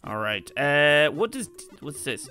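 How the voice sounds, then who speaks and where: A man hosting a gameplay video, reading out on-screen text and reacting with quick bursts of surprise. His voice is bright and fairly high, with a very lively, swinging pitch. Soft game music plays underneath. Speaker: gaming channel host. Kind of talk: let's play commentary.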